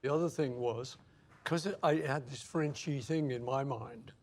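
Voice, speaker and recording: A man's voice: mid-range voice, unhurried. A man in his seventies, an interview guest reminiscing in conversation, telling anecdotes and acting out old quotes. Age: 70s. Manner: anecdotal, acts out quotes with lively asides.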